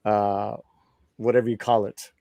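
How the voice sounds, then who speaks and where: A man's voice: on the low side, little pitch movement, a little slow, creaky, warm tone. Chatty male live-stream host. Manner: chatty, laughs easily, repeats phrases. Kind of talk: live-stream talk show.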